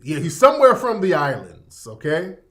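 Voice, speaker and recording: A man's voice: on the high side, huge pitch swings, moderate pace, fairly bright tone. A man hosting a radio show in casual livestream commentary, rambling and profane, repeating himself and reacting to chat.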